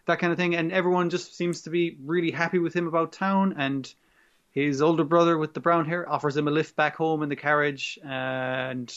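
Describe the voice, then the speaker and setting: A man's voice: a little high, flat delivery, brisk, a bit bright, lo-fi sound. A man recapping an anime episode in casual chat, swearing freely and acting out characters as he goes.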